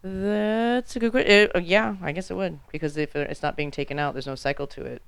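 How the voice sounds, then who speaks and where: A woman's voice: on the low side, fairly quick, vocal fry, clear, resonant tone, no echo. A woman teacher casually explaining science, with many fillers and frequent laughs.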